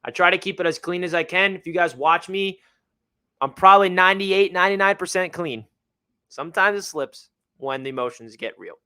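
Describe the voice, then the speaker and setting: A young man hosting a live fan reaction stream, reading out donations and venting about his team with swings between gloom and excitement. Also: sits high, fairly quick, smooth. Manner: emotional, reads out donor messages, swings between gloomy and fired-up. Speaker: livestream host.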